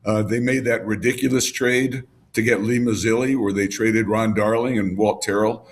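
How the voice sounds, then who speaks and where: An older man, a baseball broadcaster, reminiscing in a relaxed podcast chat and piling up names and details. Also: fairly low pitch, normal speed. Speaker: baseball radio broadcaster, guest. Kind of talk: casual storytelling in a podcast chat.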